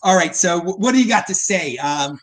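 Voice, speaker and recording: A man hosting a casual podcast, joking excitably and stumbling over his words. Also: sits high, a little fast. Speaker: host.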